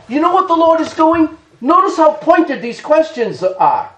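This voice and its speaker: A male pastor preaching an animated sermon, chuckling often and calling out to the congregation. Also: very high voice, measured pace, hardly any pauses. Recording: roomy church echo.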